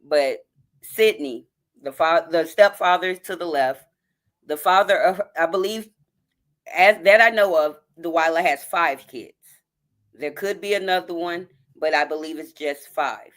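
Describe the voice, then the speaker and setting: Her voice lowish, a bit bright, and unhurried, a woman reads a story on a phone-recorded live stream while fighting back tears. She talks to her audience as "y'all" and says hello to chatters by name.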